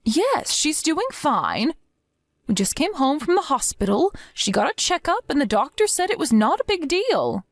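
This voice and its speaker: A woman's voice: sits high, big pitch swings, moderate pace, no room sound, voice pushed up. Exhausted young mother voiced by a woman, pleading and apologetic, dry close sound. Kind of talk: scripted story acting.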